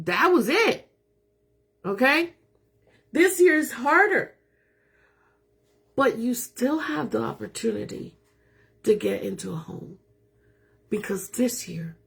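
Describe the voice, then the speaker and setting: Woman, middle-aged, real estate agent, husky, higher voice, emphatic, self-assured, casual talk. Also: a bit bright. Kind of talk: casual live talk to viewers.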